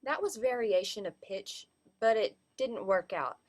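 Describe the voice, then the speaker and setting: A woman's voice: medium pitch, expressive, a little slow. A woman giving a class presentation on vocal delivery, explaining and demonstrating word emphasis. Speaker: student presenter.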